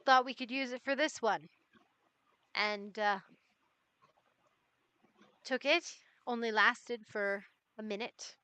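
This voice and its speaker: A woman's voice: on the high side, slow pace, pauses often, pushed and bright, smooth, dry recording. A woman voicing a cocky young man who plays the cool older brother, in a smug, casual drawl, in a tabletop game.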